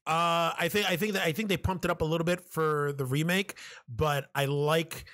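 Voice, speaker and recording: A man's voice: a little high, steady tone, normal speed, fairly bright tone. A man co-hosting a casual horror podcast, talking with enthusiasm, stammering restarts and heavy swearing. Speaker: podcast co-host. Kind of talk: casual chat.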